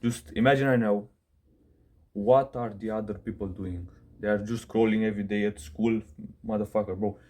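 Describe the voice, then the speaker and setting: A young man, a self-improvement coach, gives casual advice straight to camera in a blunt rant, swearing, saying "bro" a lot, and correcting himself mid-sentence. His voice is on the low side and darkish, with a steady tone and moderate pace.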